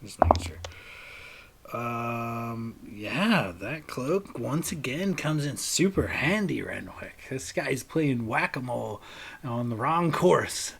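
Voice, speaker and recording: A man acting as game master for a tabletop game, narrating and calling rolls in a relaxed, halting way with many fillers. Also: medium pitch.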